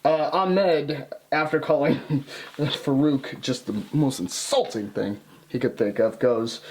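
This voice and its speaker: Lively, laughing man in casual chat. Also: a little high, takes it slowly. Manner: laughs often, swears, acts out quotes. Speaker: podcast co-host. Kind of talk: casual chat recapping wrestling.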